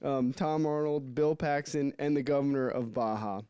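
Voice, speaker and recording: Co-host, man, smooth and slightly high, dry close sound, easy laugher reading his notes. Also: normal speed, mellow, no echo. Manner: laughs easily, short reactions. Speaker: podcast co-host. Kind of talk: casual chat and reading research notes.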